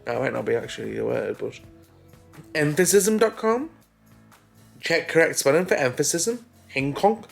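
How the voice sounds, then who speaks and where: A man's voice: fairly high pitch, expressive, moderate pace, gravelly, pauses often, faint music behind. A man chatting casually on his vlog, talkative and insistent. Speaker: vlogger. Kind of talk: casual chat.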